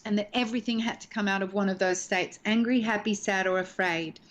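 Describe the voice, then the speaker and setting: A woman's voice: medium pitch, fairly even intonation, fairly quick. A woman in her sixties, an actress, being interviewed over a video call from home and talking expressively about acting, acting out lines as she explains. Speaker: actress and guest. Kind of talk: animated interview talk.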